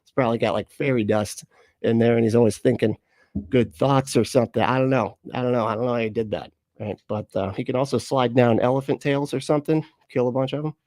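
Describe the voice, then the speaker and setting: A man's voice: mid-range voice, fairly even intonation, quick pace, a little mellow, dry recording. Brief casual male streamer, dry close sound, swears freely, rambles and jokes. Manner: profane, rambling, jokey, reads chat aloud. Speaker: streamer reacting to clips. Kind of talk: casual live-stream chat.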